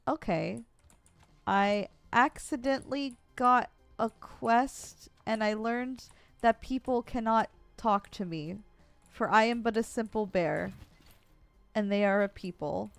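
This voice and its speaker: A woman's voice: a little high, takes it slowly, gravelly, smooth, soft background music. A woman streamer giving playful, chatty commentary while playing a video game. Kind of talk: casual gameplay commentary.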